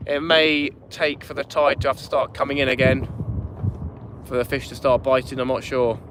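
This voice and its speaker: A man's voice: mid-range voice, flat delivery, normal speed. Chatty man on a windy boat. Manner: chatty, greets viewers by name. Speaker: fishing channel host. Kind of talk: live-streamed fishing chat. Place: small inflatable boat on a harbour at night, outdoors. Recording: wind noise on an open boat. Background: wind and water.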